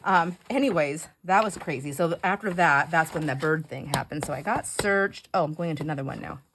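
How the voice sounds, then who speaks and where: A woman with a fairly low voice chats casually as she works on a craft project. She tells a story in a rambling, animated way, filling pauses with "um" and "like". A faint background hiss sits under the recording. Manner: chatty storyteller, many fillers and "like", animated retelling. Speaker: craft vlogger. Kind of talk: casual chat while crafting.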